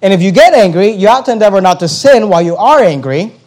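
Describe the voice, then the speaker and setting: High-voiced pastor preaching emphatically. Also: male voice, expressive, a little mellow. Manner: emphatic preaching with rhetorical questions and repetition; reads scripture slowly and deliberately. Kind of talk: sermon.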